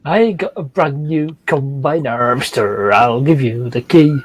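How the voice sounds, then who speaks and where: A man in casual chat, bantering quickly and playing with accents. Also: mid-range voice.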